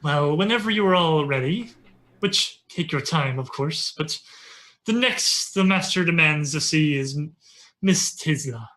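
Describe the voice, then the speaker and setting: A game master narrating scenes in a tabletop role-playing game in a relaxed, descriptive way. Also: mid-range voice, unhurried.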